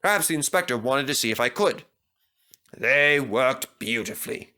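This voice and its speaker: Gentle old male engine, modest, storytelling, lively pitch; a man voices him. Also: normal speed. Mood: kindly.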